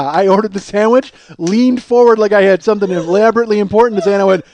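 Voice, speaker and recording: A man's voice: high-pitched, animated, quick pace, few pauses, a little mellow, a little hiss or hum. A man telling a long comic story about himself, rambling, self-mocking and profane. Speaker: comedy podcast host. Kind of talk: solo comedic storytelling.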